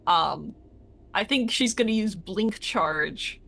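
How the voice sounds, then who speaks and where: This is a woman playing her character in an online tabletop game from a home microphone. She talks slowly and deliberately, works through her options out loud, and often lets her voice drop off as she checks her spells. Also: mid-range voice, lively intonation, creaky. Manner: slow, thinks aloud, trails off softly. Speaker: player.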